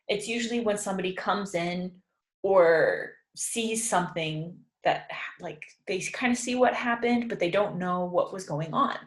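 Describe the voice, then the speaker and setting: A woman's voice: mid-range voice, expressive, measured pace. A woman teaching English in an informal lesson, patiently explaining and acting out example sentences. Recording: echoey room.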